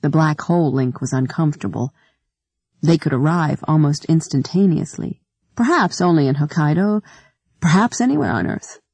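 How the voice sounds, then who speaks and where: A woman narrating an audiobook in a measured, even reading. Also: low-pitched, breathy edge, no room sound. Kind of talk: scripted narration.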